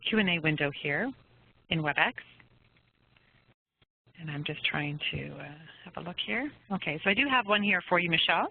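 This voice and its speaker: A woman's voice: lowish voice, no room sound. Woman webinar moderator, polite, hands questions to the speaker, phone-quality sound. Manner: polite, reading out audience questions. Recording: tinny phone-like webinar audio.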